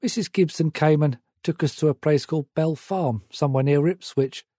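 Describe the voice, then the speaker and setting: A man reads a memoir aloud, measured and reflective, with a mellow, soft tone. His voice sits a little high for a man, and the recording is dry and close. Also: no echo. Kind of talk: audiobook memoir narration.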